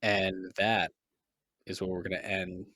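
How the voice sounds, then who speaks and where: A man's voice: low-pitched, flat delivery, measured pace, sharp tone, no room sound. A man running a tabletop game as game master, narrating in a laid-back way with chuckles and fillers.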